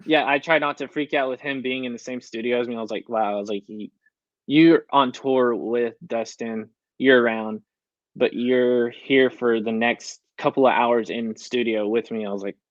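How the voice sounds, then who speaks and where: A man's voice: mid-range voice, fairly even intonation, normal speed, dry recording, highs cut off. A young man, a country singer, chatting casually in an interview and acting out his own past lines with "I was like.". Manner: storytelling, quoting himself with "I was like" often. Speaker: country recording artist, guest.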